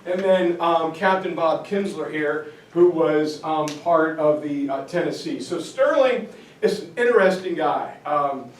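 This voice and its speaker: A man giving a history lecture to parents, telling stories in a casual, lively way. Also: on the high side, unhurried. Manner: casual, animated storytelling. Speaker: high school teacher giving a parent lecture. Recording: echoey room, distant mic, faint noise.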